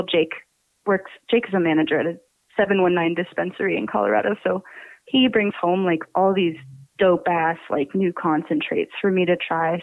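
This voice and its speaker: A woman's voice: fairly low pitch, no room sound. A woman with a New Jersey accent, chatting casually as a podcast guest, laughing often and swearing freely. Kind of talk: casual interview chat. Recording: tinny phone line.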